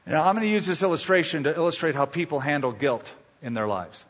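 A pastor preaching a sermon with emphatic rhetorical questions and homely illustrations. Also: male voice, a little high, expressive, fast, husky, in a large hall, dull audio.

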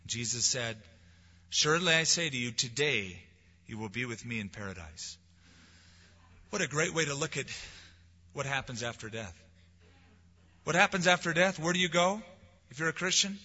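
Husky bright preacher guy, sermon swinging loud then soft, dull echoey church sound. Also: a little high, expressive, moderate pace, pauses often. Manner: preaching with swelling emphasis and soft drops. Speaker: pastor.

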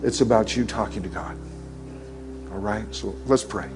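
A man's voice: on the low side, music in the background. A middle-aged man preaching a sermon in earnest, leading a prayer and acting out Bible scenes. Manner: earnest, acts out Bible scenes in quick voices. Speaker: pastor. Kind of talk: sermon with altar call and prayer.

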